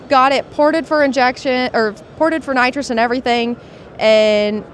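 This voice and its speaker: A woman's voice: high voice, slight background noise. A woman who builds cars and makes videos about them, talking through her project in a chatty, matter-of-fact way during an interview. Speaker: car builder and content creator. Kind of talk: casual interview. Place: busy trade show floor.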